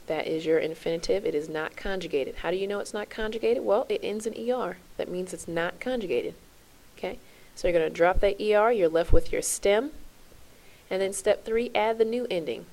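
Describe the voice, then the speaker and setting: A woman's voice: lowish voice, a little mellow. A woman teaching a French lesson to her class, spelling out verb endings in a chant and checking in with "okay?" as she goes.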